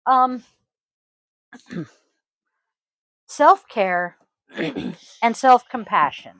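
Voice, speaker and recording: A woman with a voice pitched a little above the usual, hosting a casual podcast and chatting in a loose, rambling way full of ums and throat-clearing. She is recorded at home on a close microphone in a dry, dead room with no echo. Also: lively intonation, drawn-out words, fairly bright tone. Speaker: yoga teacher and podcast host.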